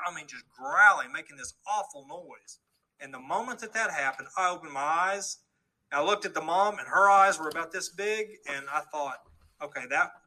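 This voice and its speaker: A middle-aged man earnestly shares his testimony with a live audience, acting out the dialogue he quotes. His voice is slightly high and a bit bright, on a low-quality recording.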